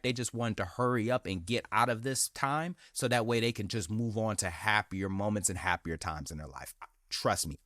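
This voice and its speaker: A man's voice: medium pitch, a bit bright, no echo, studio quality. A man hosting his own podcast, talking candidly and with feeling in a casual, slangy way and repeating phrases for emphasis. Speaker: podcast host. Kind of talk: casual motivational monologue.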